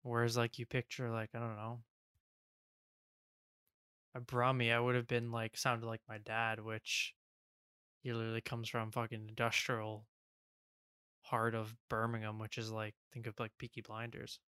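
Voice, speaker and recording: A man's voice: mid-range voice, completely flat delivery, normal speed, pauses often, sharp tone, clear, resonant tone, no room sound, studio quality. A man co-hosting a podcast, rambling easily in casual chat with lots of fillers. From England. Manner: easygoing, rambling with many fillers. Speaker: podcast co-host.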